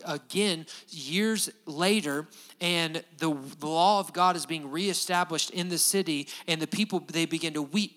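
A pastor preaching a sermon with an animated, emphatic delivery that stays conversational. He is a man with a fairly high voice that has a bright, forceful edge.

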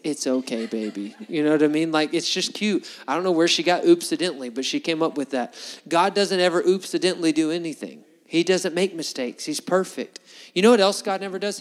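A man preaching a sermon to a congregation, conversational and animated, full of rhetorical questions. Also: fairly high pitch, big-room sound. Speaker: pastor. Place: church hall before a congregation.

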